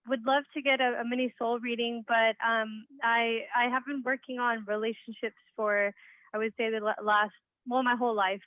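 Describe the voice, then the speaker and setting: A woman calling in to a radio show, excited and hesitant, with many pauses and ums. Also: a little high, no echo. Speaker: caller. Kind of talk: call-in conversation. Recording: dry tinny phone line.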